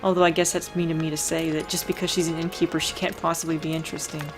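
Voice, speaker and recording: A woman's voice: deep voice, little pitch movement, very fast, music in the background. A woman hosting a video game playthrough, chatting casually and reading the characters' lines aloud with frequent laughter. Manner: reads game dialogue aloud, laughs easily. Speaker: let's play host. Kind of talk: casual gameplay chat.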